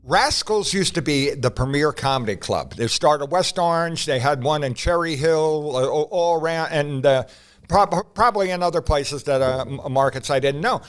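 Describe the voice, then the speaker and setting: A man, a podcast co-host, recalling stories in a halting, rambling way during casual chat. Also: a little high, clear, resonant tone.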